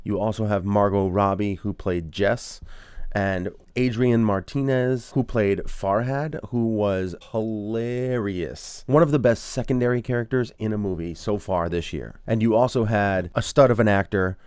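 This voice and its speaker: A man's voice: lowish voice, a little slow, darkish tone, smooth, no echo, clean studio sound. A man hosting a casual movie review, talking in an upbeat, chatty way with playful asides.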